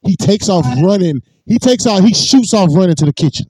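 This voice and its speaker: A man with a high, very lively voice tells a rambling, profane story in casual chat. The sound is close and dry, with no room in it. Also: brisk, breathy edge, no room sound. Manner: animated, swings high and low while telling the story.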